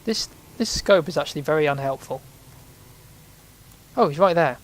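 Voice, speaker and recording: A man's voice: on the high side, animated, moderate pace, poor audio. A man giving casual let's play commentary, chatty and reacting aloud with sudden exclamations as he plays.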